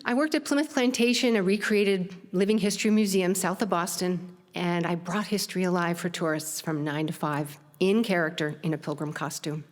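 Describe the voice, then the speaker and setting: A middle-aged woman telling a lively, self-mocking personal story on stage, laughing at herself as she goes. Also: lowish voice, normal speed. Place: theater stage. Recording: stage talk with long hall reverb.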